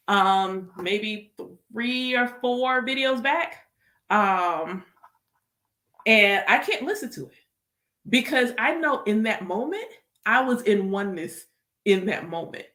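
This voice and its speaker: A woman vlogging casually about spirituality as a medium, emphatic and animated, repeating phrases and laughing easily. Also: medium pitch, a little slow, echoey room. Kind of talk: casual spiritual chat to camera.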